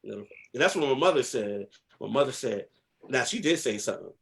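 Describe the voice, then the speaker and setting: With an expressive, gravelly mid-range voice and a brisk pace, this New Jersey man, a guest historian, tells stories from his own past during a relaxed interview. He's reflective and emphatic, leaning on lots of fillers.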